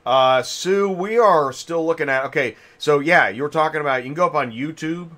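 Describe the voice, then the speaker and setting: A man's voice: on the high side, a little fast, bright, forceful tone. A man hosting a casual industry chat, rambling and thinking aloud with many restarts while chewing a cough drop. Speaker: podcast host.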